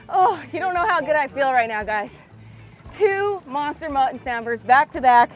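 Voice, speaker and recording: A young woman vlogging from a fishing boat outdoors, chatting casually and bursting into excited shouts. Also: sits high, moderate pace, soft background music. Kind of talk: casual vlog commentary.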